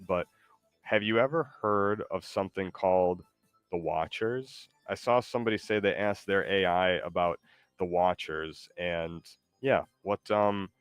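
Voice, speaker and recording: A man streaming a game who chats casually, talking in a halting, hesitant way full of fillers and restarts. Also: deep voice, smooth, no echo. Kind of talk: casual chat while gaming.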